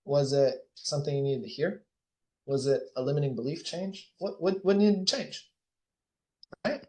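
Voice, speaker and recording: A man leading a group coaching workshop, guiding reflection in a soft, slow, hushed voice, blunt and swearing freely. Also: a little high. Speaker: workshop leader and life coach. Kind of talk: guided group coaching session.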